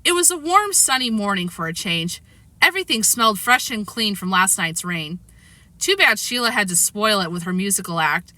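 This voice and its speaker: Animated woman reading a storybook. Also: normal speed, no room sound. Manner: expressive, jumps high in pitch for child characters. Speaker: audiobook reader. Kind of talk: storybook read-aloud with character voices.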